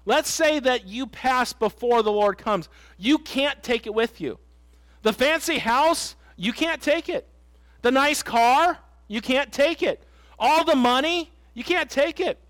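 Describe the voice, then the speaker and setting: High-voiced man preaching earnestly. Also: a bit bright, dry recording. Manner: earnest, emphatic preaching with stories and repeated refrains. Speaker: pastor. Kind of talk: sermon. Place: church sanctuary.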